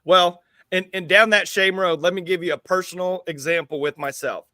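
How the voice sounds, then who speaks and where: A US man with school-age kids co-hosts a casual talk show, rambling and repeating words as he thinks aloud. His voice is high and bright with a pushed quality, fairly even in intonation, and he talks at a normal speed. The recording has no room sound.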